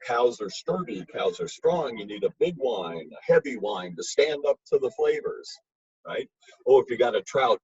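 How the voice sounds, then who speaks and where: Husky, emphatic male wine lecturer. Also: medium pitch, no room sound. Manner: emphatic, blunt and chatty. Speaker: wine educator. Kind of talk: informal lecture. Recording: dull lo-fi recording.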